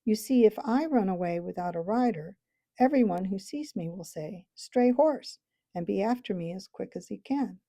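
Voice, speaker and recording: A haughty talking warhorse, voiced by a woman reading aloud, lecturing briskly in a warm, husky, slightly gravelly voice. A proud male steed from a storybook. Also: mid-range voice, expressive.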